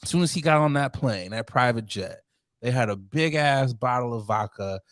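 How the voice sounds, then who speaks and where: A man co-hosting a podcast in casual chat, animated and laughing often, acting out quotes in put-on voices. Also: medium pitch, moderate pace, dry recording, studio quality. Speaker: podcast co-host.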